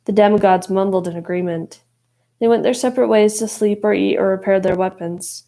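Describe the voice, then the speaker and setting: A woman's voice: medium pitch, fairly even intonation, a little fast, gravelly, mellow, low-quality recording. A woman narrating an audiobook expressively, voicing each character. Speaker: audiobook reader.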